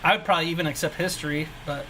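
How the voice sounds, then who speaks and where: A man's voice: on the high side, fairly even intonation, racing, slight background noise, low-quality recording. A man running a tabletop game as game master, narrating in a rambling, laid-back way.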